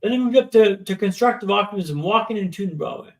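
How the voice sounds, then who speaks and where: A man in his thirties with a high, expressive voice speaks at a quick pace. He's a podcast guest in an echoey room, telling his story vividly and dramatically while often checking in with "right?"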